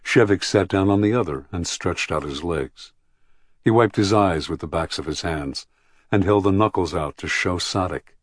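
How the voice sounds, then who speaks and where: A man narrating an audiobook in a measured, even storytelling manner, close to the mic. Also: low-pitched, no room sound.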